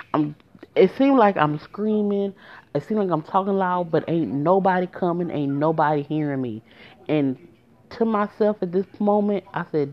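Low-voiced woman telling a story. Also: normal speed. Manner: emotional, addresses listeners directly. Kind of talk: casual storytime. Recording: muffled lo-fi recording.

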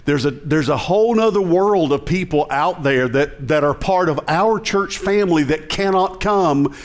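A man with a Southern American accent preaches from the pulpit in a somewhat high voice. He keeps it conversational and joking, then climbs into loud, emphatic declarations. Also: moderate pace. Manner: conversational preaching with jokes and rising emphatic passages. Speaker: pastor. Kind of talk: sermon.

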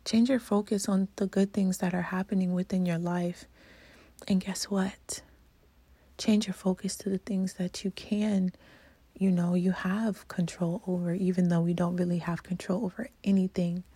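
A woman from Louisiana hosting a reflective podcast monologue, soft and earnest, often slipping into a whisper. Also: medium pitch, steady tone, moderate pace, husky, no room sound. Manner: emotional, earnest. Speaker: podcast host.

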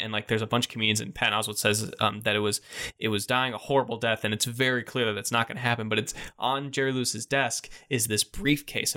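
A man with a bright, sharp-edged voice tells a story in casual conversation. He rambles, packs his sentences with "like" and "you know", and throws in lively voices for the people he quotes. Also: medium pitch. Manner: breaks into animated quoted voices. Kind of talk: casual podcast chat, retelling a story.

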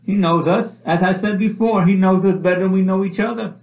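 A man's voice: high voice, fairly even intonation, a little fast, creaky, darkish tone. A man preaching a sermon with passion, repeating his phrases as his voice rises and falls. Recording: echoey room, dull lo-fi sound.

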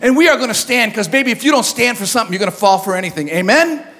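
A man with a very high, bright, forceful voice preaching to a youth gathering. He mixes comic storytelling with emphatic, shouted points and calls for the crowd to answer back. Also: rapid-fire. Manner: animated comic storytelling with call-and-response. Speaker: youth event speaker. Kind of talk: humorous sermon to a live audience.

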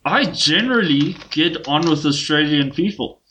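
A man's voice: fairly high pitch, animated, normal speed, a bit bright, slight background noise. A man co-hosting a casual podcast, talking in an easygoing, rambling way with frequent restarts. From South Africa. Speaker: podcast co-host.

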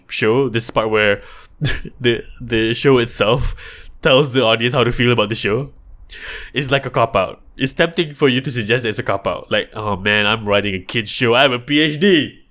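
A man's voice: mid-range voice, a bit bright. A man thinking aloud in a casual monologue, rambling with restarts.

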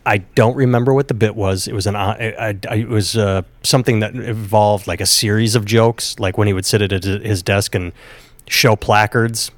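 A middle-aged man co-hosts a casual podcast, wandering through old stories with halting pauses. His voice sits on the low side and is recorded dry and close. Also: fairly even intonation, dry recording. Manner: rambling anecdotes with hesitant "uh"s. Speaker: podcast co-host.

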